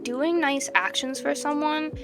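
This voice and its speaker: A young woman with a slightly high voice rambles through her reactions, dropping into low mutters and then breaking into loud, exasperated outbursts. Clear guitar music plays under her voice the whole time. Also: expressive, a little slow. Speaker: video creator reacting to posts. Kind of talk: casual reaction commentary.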